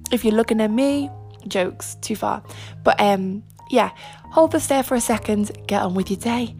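Chatty young woman, gravelly edge. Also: mid-range voice, moderate pace, a little mellow, faint music behind. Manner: chatty, self-mocking, emphatic. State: slightly husky today. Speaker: podcast host. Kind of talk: casual solo podcast chat. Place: lying on her front while recording.

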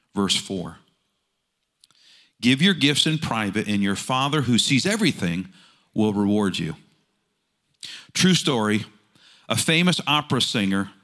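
Lively, bright-voiced male pastor preaching. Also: medium pitch. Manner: animated storytelling, rhetorical questions. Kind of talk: sermon.

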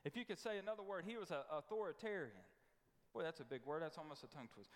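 Emphatic preacher in a reverberant church hall. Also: male voice, on the high side, sing-song, fast talker. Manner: folksy, emphatic preaching with repetitions. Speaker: pastor. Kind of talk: sermon. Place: church sanctuary.

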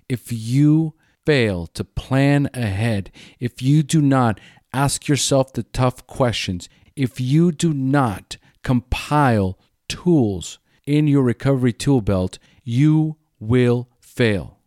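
A man's voice: mid-range voice, darkish tone, no room sound, clean studio sound. A man speaking earnestly about addiction recovery, firing off rhetorical questions and acting out short quoted exchanges. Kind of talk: earnest motivational talk.

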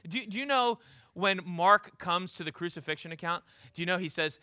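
A man preaching a sermon with passion, pressing his listeners with repeated rhetorical questions and stumbling into quick restarts. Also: high voice, bright, forceful tone, no echo.

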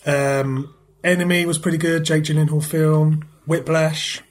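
Easygoing British podcast host, slightly high voice. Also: male voice, steady tone, measured pace, a little hiss or hum. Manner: easygoing, steers the conversation with questions. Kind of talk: casual chat.

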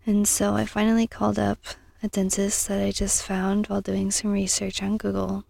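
A young woman hosting a casual self-help podcast, earnest and encouraging, sometimes dropping into soft whispery asides. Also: mid-range voice, monotone, normal speed, gravelly, no echo. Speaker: podcast host.

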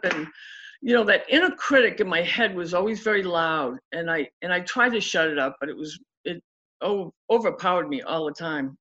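A woman's voice: on the low side, moderate pace, a bit bright. Candid woman in her sixties, muffled recording. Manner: candid, acts out remembered dialogue. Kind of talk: personal life story.

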